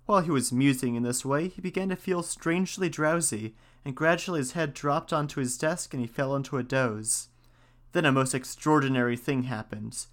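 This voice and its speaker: A man reads an old folktale aloud at an easy, unhurried pace. His voice sits in a middling register, and he gives the characters only light voices. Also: mid-range voice. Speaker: storyteller.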